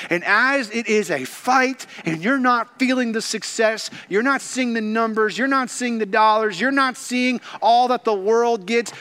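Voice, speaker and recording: Man, high-pitched voice, slow measured preaching, drops to whispers, dramatic delivery. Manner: dramatic swings from loud exclamation to hushed whisper; slow, deliberate emphasis. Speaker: pastor. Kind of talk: sermon.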